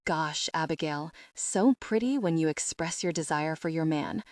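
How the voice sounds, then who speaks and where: A woman reading the lines of a confident, possessive adult man who speaks in a low murmur in a romance audiobook. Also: normal speed, no echo, clean studio sound, natural voice.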